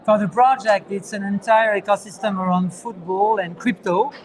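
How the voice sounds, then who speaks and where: French accent guy, high voice, explaining his startup, lots of uhs. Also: fairly even intonation, low-quality recording. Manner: earnest, halting with fillers and repeats. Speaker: startup founder, guest. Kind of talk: casual interview answers. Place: conference venue.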